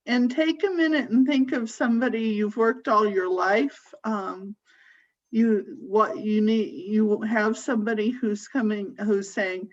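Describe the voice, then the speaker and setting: A woman's voice: on the high side, steady tone, measured pace. A woman co-presenting a caregiving session, chiming in conversationally. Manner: interjecting, conversational. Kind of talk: discussion. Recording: dull lo-fi audio.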